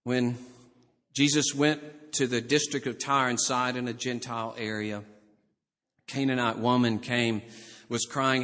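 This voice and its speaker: Animated Southern preacher in an echoing hall. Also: male voice, mid-range voice, measured pace. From Alabama. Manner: animated storytelling, acts out voices, chuckles. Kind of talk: sermon. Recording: reverberant hall.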